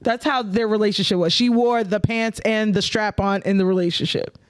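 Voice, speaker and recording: A woman's voice: medium pitch, fairly quick, clear, resonant tone. Woman ranting through a story on a chat podcast, swearing a lot, laughing as she goes. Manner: animated, profane, laughs while telling stories; acts out quoted voices loudly. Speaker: podcast co-host.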